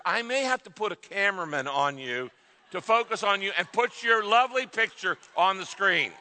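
A middle-aged male pastor delivering an emphatic sermon, with sudden shouted exclamations, in a large church hall. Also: fairly high pitch. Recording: reverberant hall sound.

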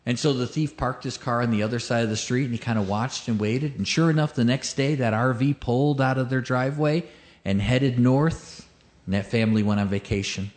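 A man's voice: medium pitch, fairly even intonation, fairly quick. A male pastor preaching a sermon, emphatic, stacking repeated phrases and rhetorical questions, and telling a joke as a story.

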